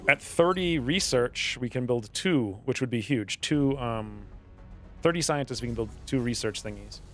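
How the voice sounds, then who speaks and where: A man doing casual gaming commentary, rambling and playful as he talks through his moves. His pitch is average. Soft music plays quietly behind him. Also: animated, moderate pace. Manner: rambling, playful, thinks aloud. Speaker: streamer.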